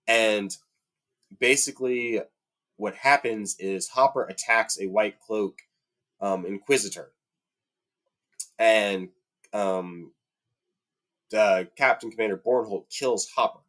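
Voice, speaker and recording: A man's voice: unhurried, long pauses, a bit bright. A man talking casually and heatedly about a fantasy series, with lots of fillers, his voice climbing when he gets indignant. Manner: heated, rising to high-pitched indignation, many fillers. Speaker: book fan commentator. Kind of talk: casual rant about a TV adaptation.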